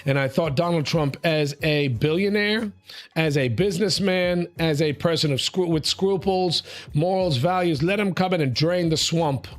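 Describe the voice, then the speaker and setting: A man's voice: on the high side, normal speed. A man hosting an opinionated panel talk show, speaking emphatically, often repeating words, and calling people mate or sweetie. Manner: repeats words when building a point.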